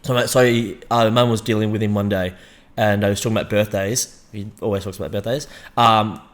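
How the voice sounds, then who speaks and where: A man's voice: lowish voice, fairly even intonation, a little fast. A man co-hosting a podcast, telling stories casually and acting out what others said. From Western Australia. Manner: anecdotal, acts out quoted voices. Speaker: podcast co-host. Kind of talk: casual storytelling.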